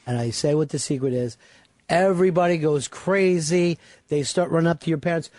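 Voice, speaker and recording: A man's voice: fairly high pitch, brisk, darkish tone, dry recording, studio quality. A man hosting a radio talk show, bossy and brash, swearing freely as he plans a stunt. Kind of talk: casual radio banter.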